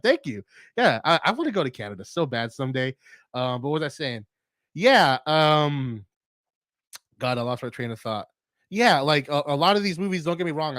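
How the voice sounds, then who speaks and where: A man's voice: mid-range voice, a bit bright, no room sound. Rambling man chatting on a livestream. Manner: rambling, filler-heavy, with frequent restarts; reads and answers live chat. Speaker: stream host. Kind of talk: casual livestream chat.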